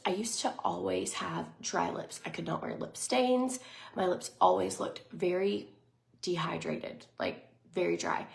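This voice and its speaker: A woman in her thirties chatting casually in a vlog, bubbly and rambling, with lots of fillers and soft whispered asides. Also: mid-range voice, gravelly. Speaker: lifestyle vlogger. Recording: echoey room, faint noise.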